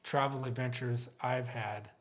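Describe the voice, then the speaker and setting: A middle-aged man hosting a casual live stream from home, talking in a halting way with many fillers. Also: mid-range voice, steady tone, dull audio.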